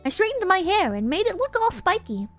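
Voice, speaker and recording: Woman reading aloud with high, lively delivery. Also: a little fast, faint music behind. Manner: mocking, with sarcastic asides. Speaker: streamer. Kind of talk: comedic dramatic reading.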